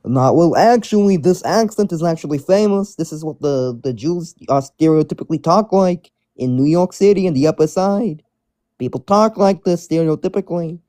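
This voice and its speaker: A man's voice: on the high side, normal speed, mellow, no echo, clean studio sound. A man chatting casually while reading fan mail aloud, rambling and restarting his sentences. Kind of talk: casual chat.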